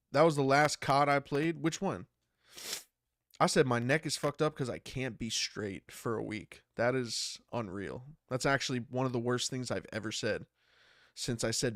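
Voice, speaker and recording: A man's voice: medium pitch, no echo, clean studio sound. A man in his thirties, stuffy from a cold, rambling casually on a livestream, swearing and laughing as he reads chat. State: congested from a cold. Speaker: streamer and battle rapper.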